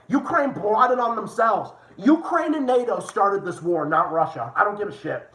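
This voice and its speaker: A man's voice: high-pitched, very animated, normal speed, few pauses, fairly bright tone. A man hosting a livestream, ranting with heated, profane political commentary. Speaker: livestream host. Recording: roomy echo.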